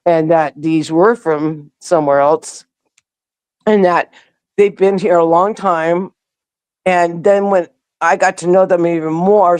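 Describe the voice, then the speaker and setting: A woman's voice: lowish voice, a little mellow, no echo. A woman in a conversational interview, telling her story in a loose, rambling way. She often restarts her sentences and lifts her voice when she replays what people said. The recording is close and dry, with no room sound. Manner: acts out quoted dialogue with a rising voice. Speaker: interview guest.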